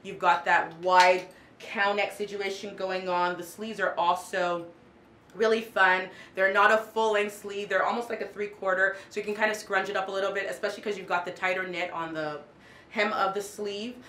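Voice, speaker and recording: Gushing woman fashion vlogger, bright voice. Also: mid-range voice, level tone, normal speed, reverberant, a little hiss or hum. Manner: gushing, enthusiastic, repeats "love, love, love". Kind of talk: casual haul vlog.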